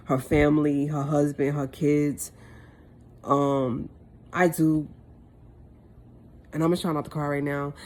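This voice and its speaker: A woman's voice: low-pitched, darkish tone. Impassioned woman vlogger repeating herself. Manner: impassioned, repeats phrases for emphasis. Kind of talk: heartfelt monologue to camera.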